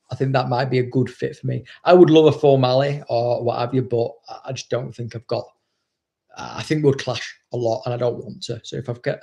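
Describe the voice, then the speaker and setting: Blunt, sweary dog trainer. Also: male voice, medium pitch, vocal fry, warm tone. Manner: swears freely, blunt and chatty. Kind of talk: casual chat.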